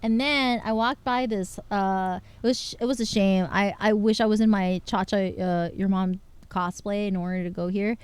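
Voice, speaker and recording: A woman streaming casual chat to her viewers, excitable and full of filler words. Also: medium pitch, moderate pace, hardly any pauses, smooth, no echo.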